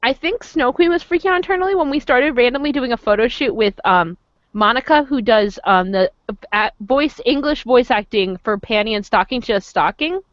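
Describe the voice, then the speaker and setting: A woman hosting a casual stream chat and telling excitable, laughing stories. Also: fairly high pitch, no room sound. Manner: excitable, storytelling, quick laughs. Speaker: host. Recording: dull lo-fi stream audio.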